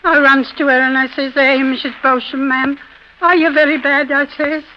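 A woman's voice: sits high, flat delivery, moderate pace, natural voice. An actress playing a rambling, talkative charwoman in an old radio drama. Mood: chattering. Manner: rambling, garrulous. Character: chattering Irish charwoman, talkative, devoted. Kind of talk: 1930s radio drama acting. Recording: dull old radio recording with faint hiss.

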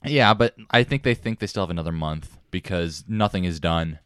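A relaxed man in a casual chat, passing along news items. His voice sits on the low side and sounds smooth and clear. It is recorded close and dry. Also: moderate pace, dry recording.

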